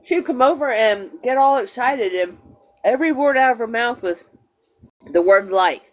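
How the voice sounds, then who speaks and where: A woman's voice: on the high side, expressive, normal speed. Woman, middle-aged, casual livestream host, chatty storyteller. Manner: chatty storyteller, greets viewers. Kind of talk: casual chat.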